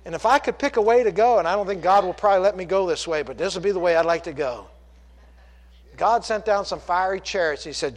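A man's voice: high voice, fast talker. A man preaching a sermon with passion, retelling scripture and speaking God's lines in his own voice. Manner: impassioned, paraphrasing scripture in God's voice. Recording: long hall reverb.

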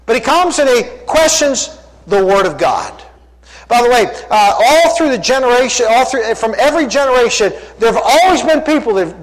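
A man preaching a sermon, emphatic and full of rhetorical questions, in a church sanctuary. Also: sits high. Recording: long hall reverb.

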